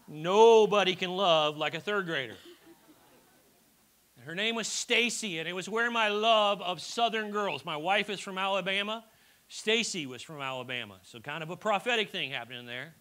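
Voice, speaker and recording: A man's voice: high-pitched, sharp tone, smooth. A middle-aged man preaching a sermon in a church, telling personal stories in a chatty way with frequent restarts and stammers. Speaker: pastor.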